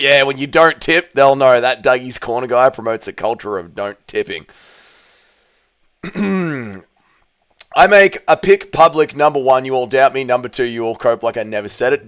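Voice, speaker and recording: Aussie guy streaming, reading out chat, chill and sweary, smooth clean voice. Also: medium pitch. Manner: laid-back, swears freely, reads chat aloud and reacts. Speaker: livestream host. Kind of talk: casual livestream chat reading viewer comments.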